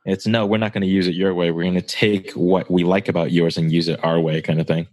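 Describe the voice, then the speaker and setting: A man's voice: low voice, level tone, brisk, darkish tone, no room sound. A man co-hosting a podcast, talking casually, laid-back and swearing as he tells stories. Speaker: podcast co-host. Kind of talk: casual chat.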